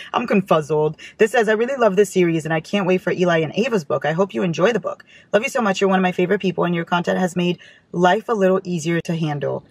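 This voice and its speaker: A woman's voice: mid-range voice, breathy edge, dry recording. A woman hosting a casual book haul vlog, who talks in a gushing, affectionate way, reads fan notes aloud and swears casually. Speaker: book vlogger.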